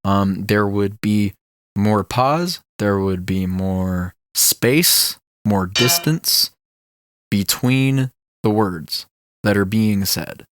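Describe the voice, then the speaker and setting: A man's voice: on the low side, extremely slow, fairly bright tone. A young man hosting a solo podcast, talking casually in a rambling way with lots of fillers. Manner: rambling, filler-heavy, musing about ideas. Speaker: podcast host.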